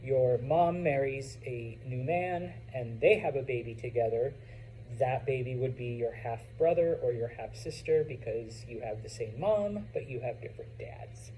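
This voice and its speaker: A man's voice: mid-range voice, animated, normal speed, mellow, a little hiss or hum, poor audio. A man teaching a Spanish vocabulary lesson to a class, chatty, with joking asides and frequent "okay?" check-ins.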